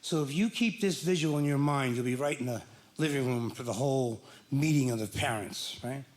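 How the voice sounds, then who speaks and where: A man doing a self-deprecating stand-up set, jumping from stammering bits to shouted punchlines. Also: mid-range voice, a little fast, roomy sound. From Irish-American from New Jersey. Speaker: stand-up comedian. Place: comedy club stage with live audience.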